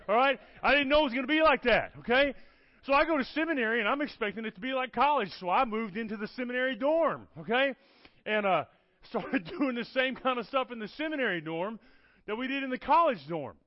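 Fast and extremely high in pitch, this man delivers a storytelling sermon as a guest preacher, lively and forever asking "okay? all right?". The lo-fi recording is dull and dry, with no room sound.

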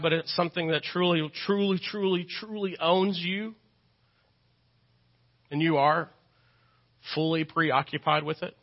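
A Texan man preaching from the pulpit in a fairly high, light voice. He talks in an earnest, conversational way and hammers his points home by repeating them. The recording sounds dull and lo-fi. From Texas. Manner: earnest, repeats phrases for emphasis; conversational, with self-deprecating asides. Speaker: pastor. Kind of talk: sermon. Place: church sanctuary.

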